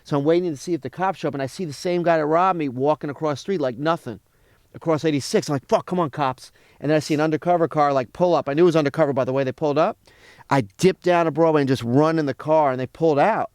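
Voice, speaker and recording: A man's voice: a little high, very fast, clean tone, no room sound, clean studio sound. A man, a comedian guest telling a profane story in casual chat and acting out what others said. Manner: animated, profane, acts out other people's lines.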